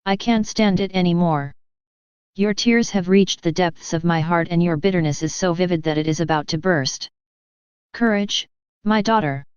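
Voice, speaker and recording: A woman reading the words of Jesus as a tender, grave male divine voice, in a slow, solemn, consoling manner. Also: on the low side, darkish tone, smooth, no echo, natural voice. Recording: slightly dull, dry close recording.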